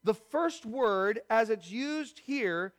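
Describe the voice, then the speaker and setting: A man's voice: sits high, animated, takes it slowly. A man preaching a sermon as pastor, teaching and asking the congregation rhetorical questions. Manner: prayerful and hushed when praying.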